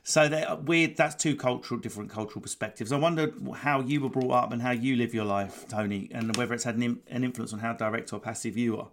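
A man's voice: mid-range voice, quick pace, hardly any pauses, slight background noise. A man from Essex hosting a casual podcast chat, blunt and chatty, laughing often. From Essex, England.

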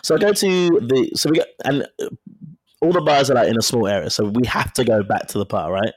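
A man's voice: mid-range voice, brisk, no echo. A man chatting casually, telling a story frankly and acting out the dialogue as he goes. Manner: frank and profane. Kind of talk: casual chat.

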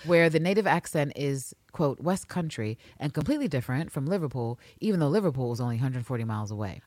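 A woman's voice: extremely low pitch, no echo, studio quality. A woman co-hosting a podcast in casual chat, who swears freely and laughs often. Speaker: podcast co-host.

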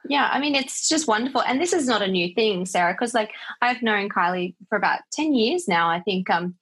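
A woman co-host chats casually, affirming her guest. Her voice has a slightly husky edge at a middle pitch. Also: lively intonation, fairly quick, fairly bright tone. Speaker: co-host, life coach. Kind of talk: casual interview chat.

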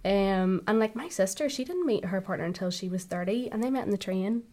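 A woman's voice: medium pitch, expressive, background noise. A young woman, chatting casually on a podcast in an easygoing, agreeable way. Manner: easygoing, agreeable, quick reactions.

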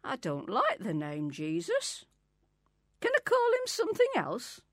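A woman's voice: on the high side, huge pitch swings, a little slow, no room sound, studio quality, voice pushed up. Woman doing a stubborn little girl as Mary. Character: small girl playing Mary in a nativity.

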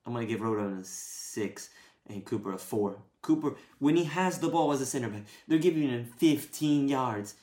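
A man's voice: medium pitch, animated, moderate pace, mellow, reverberant. A man giving a blunt, exasperated post-match rant as a football fan podcaster, swearing and venting.

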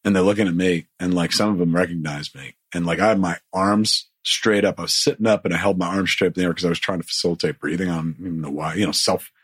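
A man with a fairly low, husky voice tells a long, rambling story, swearing freely and slipping into the voices of the people he quotes. The sound is dry and close to the mic. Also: steady tone, quick pace, hardly any pauses, fairly bright tone, no echo. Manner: profane, rambling, acts out quotes. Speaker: guest telling a story. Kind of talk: casual storytelling.

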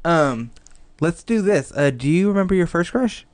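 Lively podcast host man. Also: on the high side. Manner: quick, expressive, laughs easily. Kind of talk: casual chat.

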